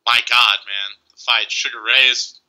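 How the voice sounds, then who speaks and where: Teasing podcast host, bright voice. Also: male voice, mid-range voice, fairly even intonation, normal speed, smooth, rough recording. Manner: teasing, loose, jokey banter. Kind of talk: casual podcast chat.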